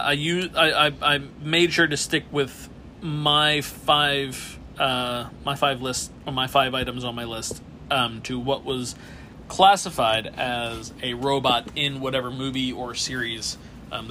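A man's voice: mid-range voice, steady tone, measured pace, pushed and bright, slight background noise. A man co-hosting a casual podcast, hesitant and full of fillers as he chats. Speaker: podcast co-host. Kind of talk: casual chat.

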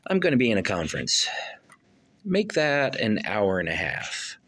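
A woman's voice: a bass voice, sing-song, normal speed, a bit bright, heavily acted. A woman playing an eager, effusive middle-aged male film producer in a rehearsed stage play reading. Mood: brisk. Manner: effusive, gushing. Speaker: actor in a rehearsal.

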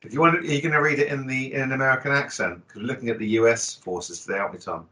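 A man's voice: medium pitch, very fast, sharp tone. A man co-hosting a hobby podcast, chatty and jokey, often correcting himself mid-sentence. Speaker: podcast co-host. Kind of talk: casual chat.

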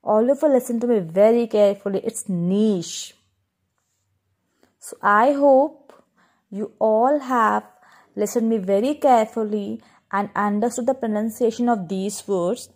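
Her voice sits on the high side and sounds a little mellow as she leads schoolchildren through pronunciation, addressing the class directly. Each word gets spelled out letter by letter and then repeated, in a patient, instructive manner.

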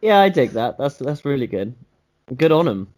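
A man co-hosts a relaxed podcast at a middle pitch. He laughs easily and teases his co-host in an easygoing way. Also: normal speed. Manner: laughs often, teasing, easygoing. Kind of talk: casual chat.

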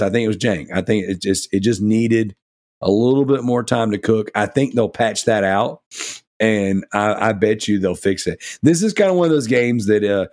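A man chats loosely on a gaming podcast, his voice sitting a little low. He rambles with plenty of fillers and gets enthusiastic as he talks. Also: a little mellow. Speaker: podcast co-host. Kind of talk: casual gaming podcast chat.

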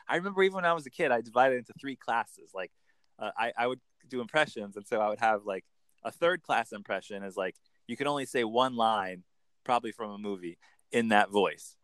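Animated male accent coach, dry sound. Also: medium pitch, dry recording. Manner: animated, lively storytelling with quick bursts into put-on voices. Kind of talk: casual interview chat.

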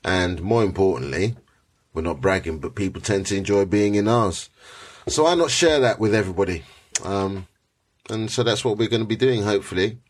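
A middle-aged dad hosting a family podcast, talking in an earnest, rambling way. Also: male voice, lowish voice, brisk, breathy edge. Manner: earnest, rambling, laughs often. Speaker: podcast host, father. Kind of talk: casual family podcast chat.

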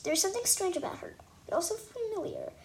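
A woman reading a children's chapter book aloud with expressive, animated storytelling. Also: extremely high pitch, fast, vocal fry. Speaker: reader.

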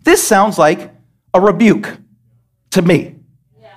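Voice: medium pitch, big pitch swings, slow. A pastor preaching a sermon to a congregation, emphatic and pressing them with questions. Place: church service.

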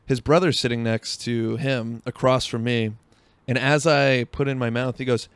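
A man's voice: medium pitch, steady tone, normal speed, clear, resonant tone, no room sound. A young man hosting a podcast, telling a rambling, profane story in a casual monologue full of fillers, talking while driving. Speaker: podcast host.

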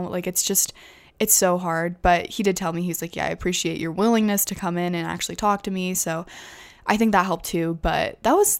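A young woman hosting her own podcast, telling a personal story in a casual, rambling way, with lots of "like" fillers and nervous laughs. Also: fairly low pitch. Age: young adult. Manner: chatty, full of "like" fillers, self-conscious laughs. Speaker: podcast host.

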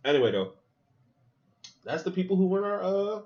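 Man, podcast host, loose profane movie-reaction chat, lively swinging pitch, dull lo-fi sound. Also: moderate pace. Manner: animated, profane, thinks aloud with asides. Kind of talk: casual movie reaction commentary.

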